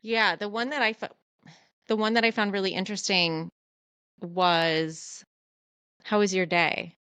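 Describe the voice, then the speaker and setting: A woman co-hosting a podcast, talking in a candid, animated, self-deprecating way in casual chat. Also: mid-range voice, unhurried, clean tone, dry recording. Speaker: podcast co-host.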